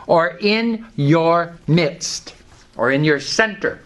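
A man's voice: a little high, lively intonation, takes it slowly, a bit bright. A male pastor giving a sermon, reading scripture and leading the congregation in call-and-response. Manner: emphatic preaching, leads call-and-response.

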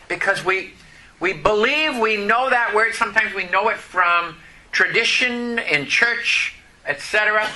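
A man preaching a sermon, slow and emphatic, repeating key words to his congregation. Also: high-pitched, pushed and bright, a little hiss or hum, rough recording. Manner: preaching slowly with emphatic repetition. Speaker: pastor.

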